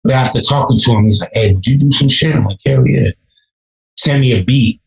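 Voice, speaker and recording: Laid-back profane rapper, echoey room. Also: male voice, medium pitch, fairly quick, gravelly, a little mellow. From Chicago, USA. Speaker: rapper guest. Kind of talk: casual podcast interview.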